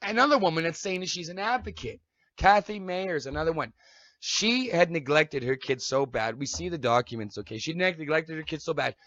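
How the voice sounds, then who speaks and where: A man's voice: fairly high pitch, expressive, fairly quick, fairly bright tone, dry recording. A man ranting angrily on a live stream, swearing, accusing people and asking "okay?" again and again. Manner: heated, accusatory, repeats "okay?". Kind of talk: angry profane rant. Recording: dull lo-fi live-stream audio.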